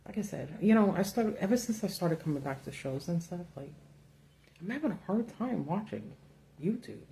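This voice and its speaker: A woman's voice: on the low side, big pitch swings, moderate pace, gravelly, mellow, slight background noise. Blunt, profane woman ranting on a livestream. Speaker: political commentary host. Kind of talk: casual livestream commentary. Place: home setup with a ring light.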